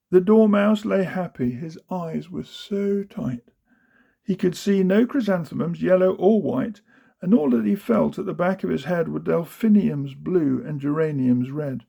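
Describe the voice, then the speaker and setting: A man's voice: high voice, moderate pace, gravelly, mellow, slightly rough. A man giving a rhythmic, sing-song storybook reading of children's poems. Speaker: reader of children's verse.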